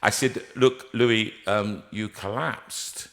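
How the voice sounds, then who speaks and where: A man's voice: fairly low pitch, slow pace, creaky. A man hosting a live stream from a music room, telling a stage anecdote and acting out the voices he quotes. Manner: animated, acts out quoted voices. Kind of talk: anecdotal storytelling.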